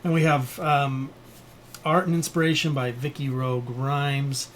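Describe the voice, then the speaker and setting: A man's voice: mid-range voice, flat delivery, measured pace, slight background noise. Man reading out viewer comments. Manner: reads out chat comments conversationally. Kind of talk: casual live chat.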